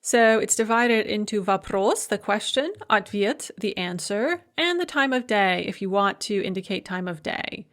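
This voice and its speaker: A woman lecturing as a language instructor, explaining step by step and slowing down to model example phrases. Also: medium pitch, lively intonation, a bit bright. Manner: clear, methodical explaining with slow modeled Russian phrases. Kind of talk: recorded lecture.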